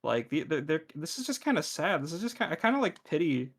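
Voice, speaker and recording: A man's voice: a little high, very animated, fast. A man playing a tabletop game, talking in a hesitant, rambling way. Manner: hesitant, rambling, lots of fillers. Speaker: player. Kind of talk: casual game chat.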